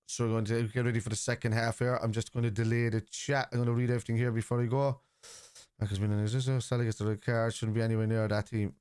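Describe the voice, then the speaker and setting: A man's voice: mid-range voice, little pitch movement, fast talker, darkish tone, smooth, dry recording, studio quality. A man from Liverpool in casual live-stream chat, rambling and teasing commenters as he reads out messages during a football watchalong.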